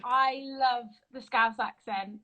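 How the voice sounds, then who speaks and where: Bright, chatty young woman hosting a livestream. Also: a little high, fairly even intonation, slow, highs cut off. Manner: chatty and enthusiastic. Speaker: livestream host. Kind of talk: casual live-stream chat. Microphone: phone.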